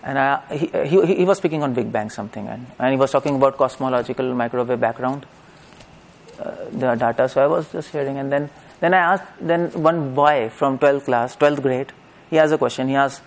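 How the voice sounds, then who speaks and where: A man's voice: medium pitch, fairly quick. A middle-aged man, giving a lecture-style religious discourse and asking his audience rhetorical questions. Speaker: preacher.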